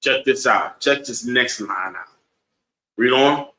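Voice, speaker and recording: A man's voice: mid-range voice, slow pace, bright, forceful tone. Preachy man teaching a bible class. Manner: preachy, asks the room "right?" over and over. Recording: echoey room.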